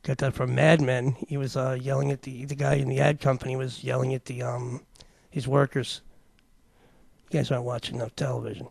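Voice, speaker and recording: A man's voice: mid-range voice, little pitch movement, brisk, vocal fry, few pauses. A man hosting a talk show, commenting casually on clips and rambling with many fillers and restarts.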